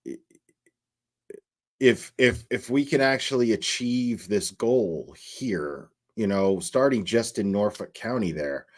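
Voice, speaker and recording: Man, livestream host, casual commentary, slow delivery, fairly low voice, halting. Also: animated. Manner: halting, many fillers and restarts.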